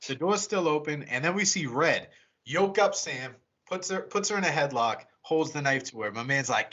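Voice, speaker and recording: A man co-hosting a podcast, recapping a horror movie scene by scene in a casual, profane, animated way. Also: a little high, normal speed. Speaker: podcast co-host. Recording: muffled lo-fi audio.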